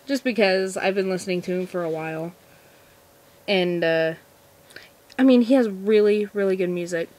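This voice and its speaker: Teen girl doing a q&a vlog, giggly and kinda nervous, trips over her words a lot, middle-pitched voice. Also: normal speed, long pauses, darkish tone. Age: teens. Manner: nervous, giggly, rambling with many restarts. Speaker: vlogger. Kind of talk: casual Q&A vlog.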